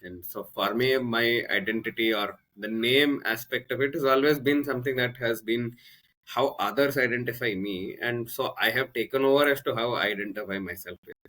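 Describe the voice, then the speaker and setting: Bright-voiced Indian English man telling stories. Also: mid-range voice, moderate pace. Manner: rambling, anecdotal, many fillers and restarts. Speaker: podcast guest, coach. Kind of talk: casual conversational storytelling.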